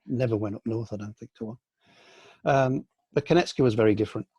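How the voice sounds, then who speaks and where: An older man from the UK, a senior aikido teacher, reminiscing in a relaxed online question-and-answer session, with many ums and restarts. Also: medium pitch, fast talker, slightly rough, dry recording. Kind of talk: casual online Q&A. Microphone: video call.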